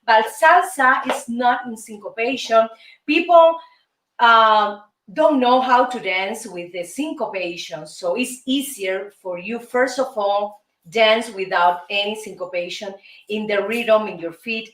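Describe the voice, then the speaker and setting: A woman's voice: on the high side, fairly bright tone, echoey room, recorded from a distance, slight background noise, low-quality recording. A woman from Cuba with a Cuban Spanish accent teaches a salsa dance lesson as host, counting beats and chanting rhythms.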